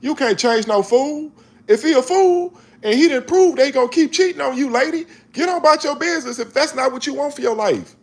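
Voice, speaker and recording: A man, reading scripture slowly and then talking about it in a casual, emphatic preaching way. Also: very high voice. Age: 40s. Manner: slow measured reading, then animated, emphatic street-talk commentary. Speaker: online Bible reader and commentator.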